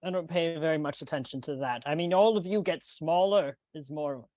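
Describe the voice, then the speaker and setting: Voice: mid-range voice, fairly quick, a little mellow, no room sound. A player in a tabletop game, speaking in character in a goofy, hesitant, stammering way. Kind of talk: in-character tabletop role-play.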